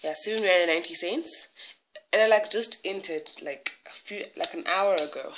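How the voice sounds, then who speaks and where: A woman's voice: fairly low pitch, moderate pace, a bit bright, slight background noise. A young woman from South Africa with a South African accent, chatting dramatically and mocking herself in a casual vlog. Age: young adult. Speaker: vlogger.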